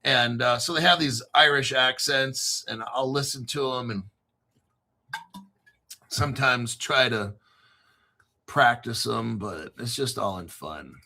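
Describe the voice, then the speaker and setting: This crypto show host has a medium-pitched, creaky voice and talks slowly, pausing often. His monologue is excited and rambling, laced with frequent swearing, with breaks to spell names letter by letter.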